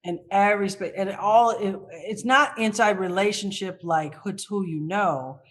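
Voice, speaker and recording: Woman guest telling a lively personal story. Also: mid-range voice, moderate pace. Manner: animated, reenacts her own past thoughts.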